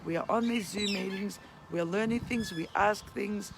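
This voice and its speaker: A vlogger pours out a heated, swearing plea to followers in a gravelly voice of middling pitch. The voice is strained and starting to go. Loud birdsong and duck calls crowd the open-air recording. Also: normal speed. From Australia. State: voice strained and going. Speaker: vlogger and counsellor. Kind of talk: emotional ranting vlog. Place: outdoors near a duck pond. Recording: loud birds and outdoor noise. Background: loud birdsong and quacking.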